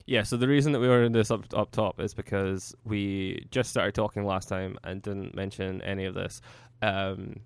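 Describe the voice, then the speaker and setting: A man co-hosting a casual podcast in a fairly low, smooth, clear voice. He steers the conversation with frequent uh and um fillers. The sound is dry and close, from a computer mic. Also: normal speed, hardly any pauses, dry recording. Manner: steady, organizing, with many uh and um fillers. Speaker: podcast co-host. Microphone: computer mic on a Skype call.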